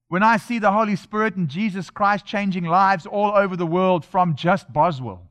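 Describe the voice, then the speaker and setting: A man's voice: high voice, normal speed, hardly any pauses, fairly bright tone. A man preaching a sermon in a church, emphatic and repetitive, building his points line by line.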